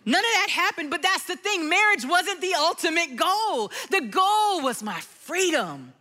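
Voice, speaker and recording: A middle-aged woman gives a slow, unhurried testimony from the pulpit in a high voice. Her tone is bright and clear, and she lets it sink to a hush or lift into soft singing as she tells her story. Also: sing-song. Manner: storytelling, drops to a hushed tone, sings lyric lines softly. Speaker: speaker at a church gathering. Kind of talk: personal testimony sermon.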